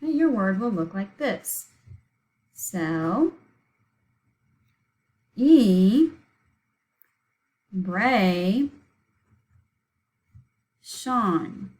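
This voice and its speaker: A woman's voice: a little high, animated, moderate pace, rough recording. A woman teaching a recorded spelling lesson, patiently sounding out words letter by letter and syllable by syllable.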